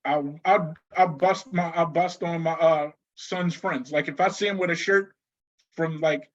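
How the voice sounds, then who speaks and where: A man with a notably high voice tells stories as a guest, laughing and restarting as he goes. The audio is slightly muffled and lo-fi. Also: unhurried. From New Orleans. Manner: animated storyteller, laughs often, many restarts. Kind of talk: casual conversation.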